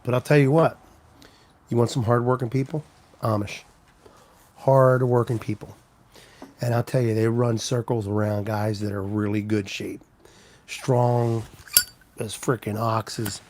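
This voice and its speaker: A man's voice: medium pitch, flat delivery, measured pace, pauses often, a little mellow, a little hiss or hum. A man on a casual live stream, telling rambling stories and answering viewers' comments. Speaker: trucker livestreaming, reading chat.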